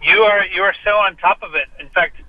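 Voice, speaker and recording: A man's voice: high-pitched, brisk, no room sound. A man joining a radio interview by phone from his parked car, talking in a wry, self-deprecating way with frequent stammered restarts. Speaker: guest musician. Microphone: phone call. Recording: muffled lo-fi phone line.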